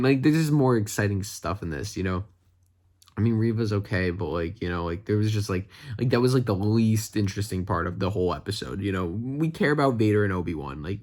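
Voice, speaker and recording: A man reviewing a TV episode in a casual vlog, excitable and rambling, with lots of "like" fillers. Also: fairly low pitch. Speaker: fan reviewer.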